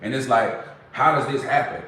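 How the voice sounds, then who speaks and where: A young man, talking casually to his viewers in an animated, slangy storytelling manner. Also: mid-range voice, normal speed, far from the mic. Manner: animated, loose slangy storytelling with sound effects. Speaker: vlogger. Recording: very echoey room, from off-mic.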